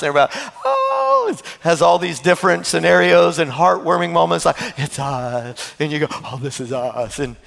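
A man, the pastor, preaching a sermon in an animated way, laughing and breaking into asides. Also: on the high side, creaky, long reverb tail.

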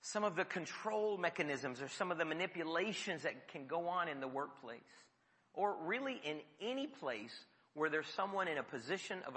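A man preaching a sermon, telling the story lively and dropping his voice low for emphasis. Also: long reverb tail. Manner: storytelling with sudden drops to a near whisper.

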